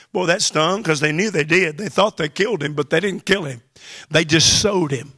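A man's voice: on the high side, moderate pace, bright, forceful tone, breathy edge. A man pastor preaching a sermon, building to emphatic bursts and exclamations. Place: church hall.

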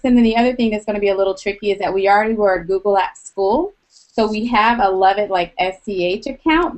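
A woman's voice: medium pitch, a little mellow, rough recording. Easygoing woman co-host. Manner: easygoing, upbeat, laughs lightly. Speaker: co-host, school technology staff. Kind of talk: casual webcast chat.

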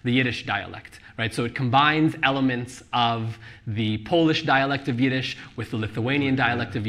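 Author at a live book talk: a man, bright and keen, laughs easily, restarts his sentences a lot. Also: mid-range voice. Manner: laughing, animated, many restarts. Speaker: author discussing his novel. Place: live event venue with audience.

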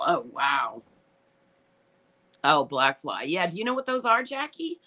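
A woman's voice: deep voice, sing-song, measured pace, pauses often, pushed and bright. A middle-aged woman hosting a casual live stream, rambling, tearful and upset, with profane rants. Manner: rambling, emotional, profane ranting. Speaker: livestream host reading chat.

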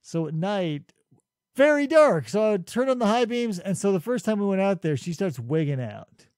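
A man's voice: high-pitched, sing-song, normal speed, a little mellow, dry recording. A man co-hosting a casual comedy podcast, telling a story with dry, mock-logical reasoning. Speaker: podcast co-host.

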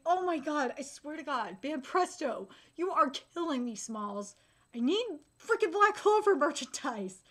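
A woman streaming a live reaction to a comic chapter, excitable and squealing, reading aloud and swearing freely. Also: high-pitched, measured pace.

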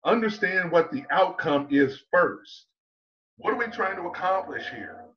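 A man gives an online conference talk as a public speaking coach, emphatic and slowing to land his points. His voice sits fairly high for a man. The sound is dull and lo-fi, as over a video call. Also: lively intonation. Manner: emphatic, asks rhetorical questions, slows down to stress points.

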